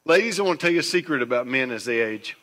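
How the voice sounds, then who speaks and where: Pastor, male, emphatic sermon delivery that drops to a hush, in a big echoing sanctuary. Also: medium pitch, expressive, rapid-fire. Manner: swings between hushed and loud, emphatic. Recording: long church hall reverb.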